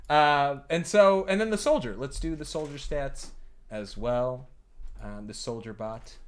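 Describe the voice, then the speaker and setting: A man running a streamed tabletop game as game master, chatty, with frequent fillers and quick laughs. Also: mid-range voice.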